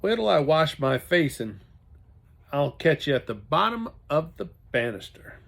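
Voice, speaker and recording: A man voicing a kind, patient older brother who speaks gently and coaxingly while reading a storybook aloud. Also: a little high, very animated, measured pace, gravelly, exaggerated voice. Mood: eager.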